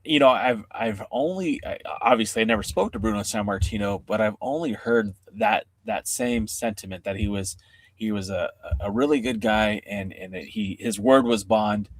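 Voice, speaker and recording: A man's voice: on the low side, normal speed, dry recording. A man hosting an interview, reading out viewer questions and responding conversationally. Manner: conversational, reads out viewer questions and reflects on answers. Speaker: interview host. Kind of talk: casual interview.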